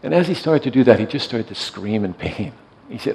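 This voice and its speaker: A man speaking as a meditation teacher in a gentle, soft-spoken way, often letting his voice trail off quietly as he tells a reflective story. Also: mid-range voice, animated, a little fast, creaky, low-quality recording.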